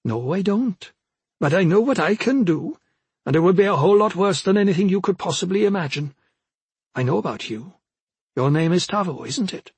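A stern, menacing old woman in black, as a male narrator puts her on in an audiobook. She talks in a cold, measured way, pitched well above his own voice, with a slightly husky edge. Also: dry recording, full character voice. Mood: threatening.

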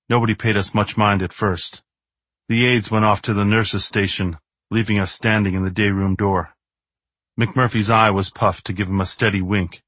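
A man narrating a novel in the first person in a measured, steady, understated way. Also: fairly low pitch, no room sound. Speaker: audiobook narrator.

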